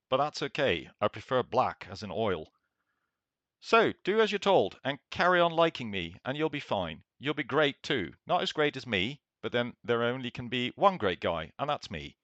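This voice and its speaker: A man's voice: mid-range voice, a bit bright, no room sound. A man doing a boastful blustering president. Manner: self-praising, repetitive, simple words. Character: boastful, blustering male president impression, middle-aged. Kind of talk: satirical letter read in character. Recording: dull lo-fi dry recording.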